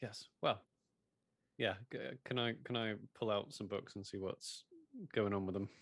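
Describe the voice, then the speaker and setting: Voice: sits low, fairly even intonation, normal speed, no echo, studio quality. A player in a tabletop game, voicing a flustered, stammering character.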